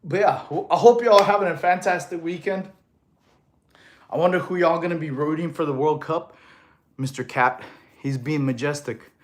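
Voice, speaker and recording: A man in his thirties, originally from Russia, hosts a casual fitness livestream and answers his viewers' comments one by one. His voice sits a little high for a man. He sounds slightly winded, as if he has just finished a set of exercises. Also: normal speed. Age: 30s. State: out of breath after exercise. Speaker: fitness streamer.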